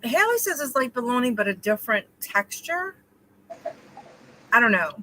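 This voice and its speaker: A woman co-hosting a casual live-stream chat, reading out viewer comments in a relaxed way. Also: on the high side, normal speed, a little hiss or hum, poor audio. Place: home.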